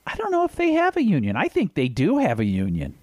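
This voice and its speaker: A man's voice: on the high side, huge pitch swings, quick pace, a little mellow, dry recording. A man co-hosting a casual sports podcast, rambling and reading stats aloud. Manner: rambling, reads stats aloud, sings little sound effects. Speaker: podcast co-host.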